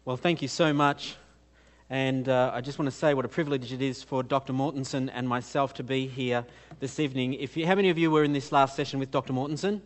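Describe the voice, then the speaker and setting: Earnest man with a foreign accent preaching. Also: mid-range voice. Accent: foreign to America. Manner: earnest, many fillers and restarts, rhetorical questions. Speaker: conference speaker. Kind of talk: live conference teaching talk.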